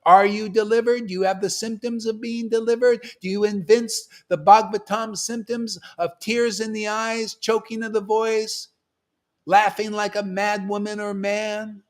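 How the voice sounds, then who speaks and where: A man's voice: high-pitched, normal speed. A man preaching a devotional class in a fervent, rambling way, quoting verses, calling out to the listeners and often tacking "man" onto his lines. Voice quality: excitable, loud bursts, laughs and shouts, slangy with "man".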